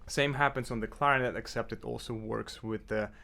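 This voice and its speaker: A man's voice: medium pitch, fairly quick, creaky. A man teaching clarinet in a casual tutorial from his apartment, talking loosely with many fillers and restarts. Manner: relaxed, with frequent fillers and self-corrections. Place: apartment indoors.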